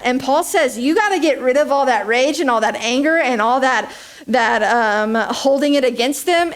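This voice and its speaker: A young adult woman preaching a conversational sermon, joking at her own expense and checking in with "okay?" and "right?". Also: high-pitched. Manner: chatty, joking, self-deprecating, asks "okay?" and "right?" often. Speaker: speaker at a church service.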